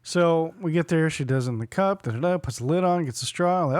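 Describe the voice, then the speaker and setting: Man, forties, podcast co-host, casual storytelling, acts out quotes, slightly high voice, dry close sound. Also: fairly quick, no echo. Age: 40s. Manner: animated storyteller who acts out quotes and laughs often.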